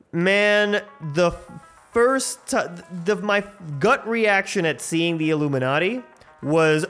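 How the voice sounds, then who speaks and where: A man hosting his own show, rambling excitedly and swearing freely through a casual movie review. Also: high-pitched, slow pace, clean tone, faint music behind. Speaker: host.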